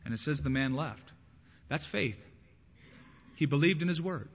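A man delivers a sermon with husky warmth, his voice a touch higher than most men's. He drops to quiet asides, then rises into loud, emphatic bursts. The sound is dull and lo-fi, with a long church reverb trailing his words. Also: expressive, normal speed. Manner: preaching with rising bursts and acted quotes. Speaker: pastor.

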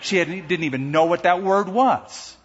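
A middle-aged man preaching a sermon to a congregation, slowing down and raising his voice on the words he stresses. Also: high-pitched, slightly rough. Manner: emphatic, slows and lifts his voice on key words. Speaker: pastor. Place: large church sanctuary. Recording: dull sound with long hall reverb.

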